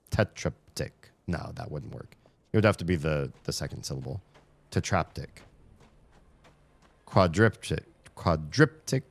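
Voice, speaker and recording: A man in his thirties chatting casually on a live stream, rambling and self-mocking, laughing often. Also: low-pitched.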